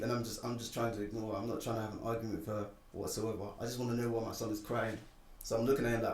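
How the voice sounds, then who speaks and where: A man's voice: mid-range voice, very fast. A man casually telling a personal story on a podcast, acting out what people said. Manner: animated, acts out quoted lines. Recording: echoey room, distant mic.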